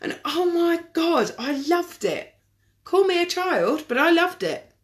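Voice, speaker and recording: A woman's voice: extremely high pitch, big pitch swings, unhurried. Chatty woman on a live stream. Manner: chatty, rambling, answers viewer comments by name. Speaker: makeup tutorial host. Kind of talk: casual live-stream chat while doing makeup. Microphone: webcam or phone on a live stream.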